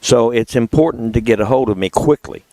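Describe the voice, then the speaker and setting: A man's voice: mid-range voice, fairly quick, warm tone, rough recording. A man, a guest adviser on a radio talk show, explaining foreclosure steps in a plain, matter-of-fact way. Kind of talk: casual radio chat. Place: radio studio.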